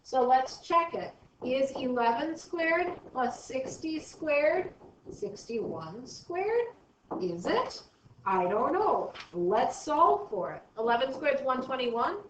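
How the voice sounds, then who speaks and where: A woman's voice: high voice, very animated, slow pace, far from the mic, a little hiss or hum. A woman math teacher giving a recorded lesson, chatty and thinking aloud as she works through problems. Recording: dull, roomy, from off mic.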